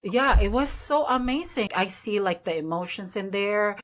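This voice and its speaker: A woman's voice: medium pitch, animated, moderate pace. A woman hosting an interview, affirming her guest often and asking questions. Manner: warm affirming, many backchannels. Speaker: interview host. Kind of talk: interview conversation.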